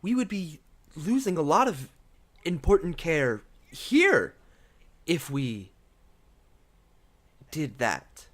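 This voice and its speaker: A man's voice: fairly high pitch, sing-song, slow pace, pauses often, voice pushed up, exaggerated voice. A man voicing a cautious male squirrel general who advises a king in a tabletop game, speaking hesitantly.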